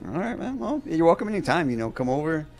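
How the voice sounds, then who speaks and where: A man's voice: on the high side, big pitch swings, fast talker, darkish tone, slight background noise, poor audio. A man, co-hosting a casual podcast with joking, profane riffs. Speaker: podcast co-host. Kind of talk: casual chat.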